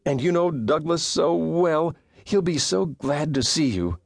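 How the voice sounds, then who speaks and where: Brief: eager, bright-voiced young woman in a western audiobook, voiced by a man, dry studio read. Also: a little high, expressive, measured pace, gravelly, no echo, voice pushed up, full character voice. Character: cheerful, trusting young woman on a stagecoach. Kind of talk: audiobook character voice.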